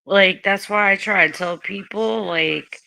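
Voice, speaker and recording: Blunt, slow-talking woman streamer. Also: mid-range voice, creaky, sharp tone, no room sound. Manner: blunt and profane, talking straight to the chat. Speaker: livestream host. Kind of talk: casual livestream chat with viewers.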